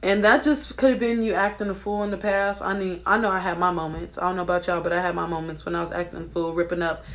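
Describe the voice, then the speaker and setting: A young woman giving casual spiritual commentary on song lyrics, chatty and excitable, often checking in with her listeners. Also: fairly low pitch, fast, few pauses, highs cut off. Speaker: Christian video creator.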